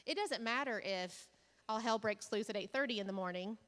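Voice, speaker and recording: A woman's voice: mid-range voice, fairly quick, fairly bright tone. Woman giving a keynote in a hall. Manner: candid, humorous storytelling with audience asides. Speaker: keynote speaker. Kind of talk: conference keynote speech. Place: large conference hall. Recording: hall reverb from a stage.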